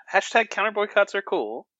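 A man's voice: high-pitched, sing-song, a little slow, pushed and bright, no room sound. A man co-hosting a podcast, bantering and joking casually about a film. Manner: jokey, playful banter. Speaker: podcast co-host.

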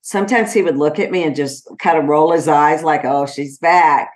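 A middle-aged woman hosting her own podcast, talking slowly and gently with many pauses as she reflects on her personal life. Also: deep voice. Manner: slow, gentle and heartfelt, with frequent pauses and fillers. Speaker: podcast host.

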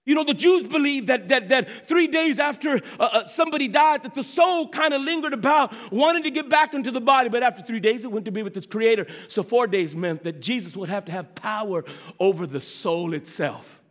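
A man preaching a sermon as pastor, speaking straight to his congregation, swinging from hushed, slow lines to sudden shouts. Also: very high voice. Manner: addresses the congregation directly.

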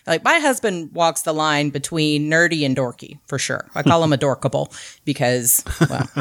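A woman co-hosting a podcast in casual chat, talking in quick self-correcting bursts with asides. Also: low-pitched, fairly bright tone, dry recording, studio quality. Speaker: podcast co-host.

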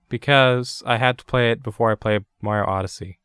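A man's voice: mid-range voice, fairly even intonation, brisk, hardly any pauses, fairly bright tone, smooth, no room sound, clean studio sound. A man hosting a casual podcast, talking in loose run-on sentences and swearing casually. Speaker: podcast host. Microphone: podcast microphone.

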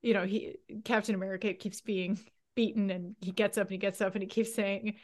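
A woman co-hosting a casual podcast at a mid pitch. She speaks in an earnest, thoughtful way and sometimes restarts her sentences. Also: level tone, fairly quick. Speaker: podcast co-host. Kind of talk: casual chat.

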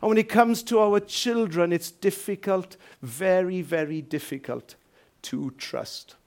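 A man preaching a sermon as pastor in a church, telling stories lively and asking rhetorical questions. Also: high-pitched, measured pace.

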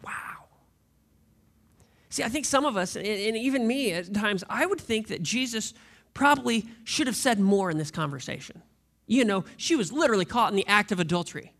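Male pastor, high voice with gravel, preaching conversationally and leaning on rhetorical questions. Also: expressive, moderate pace, a bit bright. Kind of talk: sermon.

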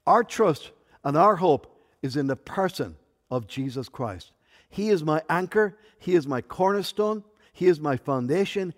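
A man delivers a sermon as pastor, his voice sitting a little high for a man. He drops to soft, intimate asides and then builds to loud, emphatic peaks. The sound carries a long hall reverb.

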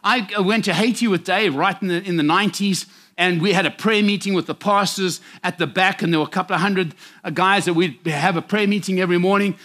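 Middle-aged South African male preacher, high-pitched, emphatic and direct sermon delivery. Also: fairly quick, pushed and bright. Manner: emphatic and direct, warning the congregation.

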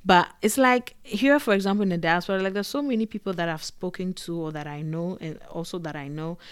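A woman talking casually to camera as a vlogger, animated and digressive, full of fillers and quick laughs. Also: lowish voice, clear, resonant tone, no room sound, clean studio sound. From Africa. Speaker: vlogger and podcaster.

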